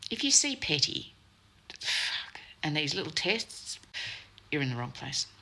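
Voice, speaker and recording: Sarcastic Australian storyteller, woman, bright edge to the voice, swears freely. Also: deep voice, sing-song, normal speed. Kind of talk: casual anecdote.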